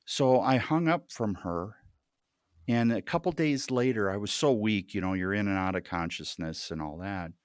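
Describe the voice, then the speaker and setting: A man telling a deeply personal story as a podcast guest, earnest and halting, often repeating words as he restarts. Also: no room sound, studio quality.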